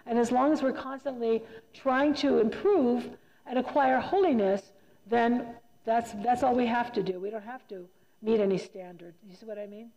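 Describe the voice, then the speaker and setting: A woman's voice: on the high side, a little mellow. A woman giving a retreat talk to a church group, emphatic and conversational, often repeating herself for emphasis. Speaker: retreat speaker. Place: church hall. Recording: long reverb in a hall.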